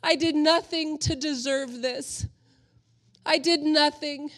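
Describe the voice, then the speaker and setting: A woman's voice: high voice, steady tone, slow pace, a bit bright. A middle-aged woman pastor preaching a sermon, earnest and emotional, mixing scripture with homey stories.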